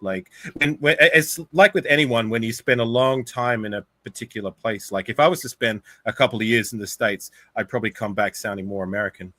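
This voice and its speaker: Low, bright Australian man chatting. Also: brisk, dry recording. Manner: argumentative, uses "like" often. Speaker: guest. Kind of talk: casual sports chat.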